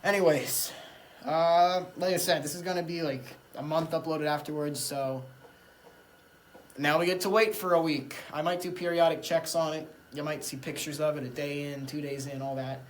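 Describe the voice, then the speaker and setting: A man's voice: a little high, steady tone, normal speed. A young man hosting a casual workshop vlog in his shed, easygoing and thinking aloud with fillers. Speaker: channel host.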